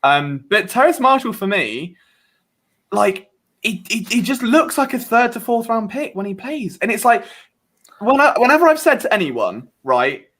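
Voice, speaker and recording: A British man guesting on a casual podcast, rambling and animated. His voice sits high, and his pitch leaps about as he talks himself through his opinions. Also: moderate pace. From Britain. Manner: animated, rambling, self-questioning.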